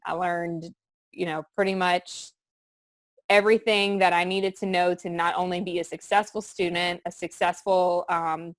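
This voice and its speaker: A woman's voice: on the low side, dry recording. Earnest young woman. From southern Louisiana. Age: young adult. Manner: earnest, heartfelt, rambling. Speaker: student giving a testimonial. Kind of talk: candid testimonial chat.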